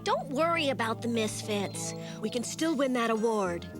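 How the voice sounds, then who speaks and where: A woman's voice: fairly high pitch, expressive, moderate pace, natural voice. A woman voicing an upbeat, confident young band leader in a cartoon, sounding reassuring, in a clip played over music. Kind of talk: cartoon voice acting.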